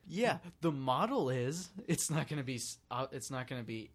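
A young man co-hosting a casual talk show, blunt and quick to scoff. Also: medium pitch, lively intonation. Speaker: podcast co-host. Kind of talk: casual chat.

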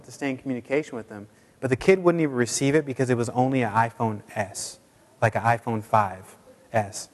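A man preaching a sermon in a casual, chatty way with many fillers, now and then putting on high squeaky voices for quotes. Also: long reverb tail. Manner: puts on high squeaky voices when quoting people. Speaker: pastor.

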